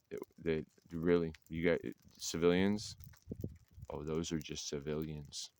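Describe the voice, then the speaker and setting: A man's voice: low-pitched, clean tone, no echo. A middle-aged man telling a story to camera in a blunt, profane, defiant way. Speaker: veteran vlogger. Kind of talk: casual monologue to camera.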